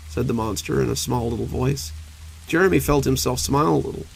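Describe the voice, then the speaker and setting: An older man narrating cozy horror stories in a slow, intimate way. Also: mid-range voice, vocal fry, slight background noise, rough recording. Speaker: horror storyteller.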